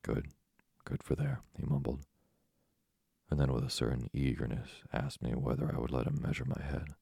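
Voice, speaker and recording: A man narrating an audiobook in a measured, wry first-person reading. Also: a bass voice, level tone, creaky, warm tone, slightly rough, no echo.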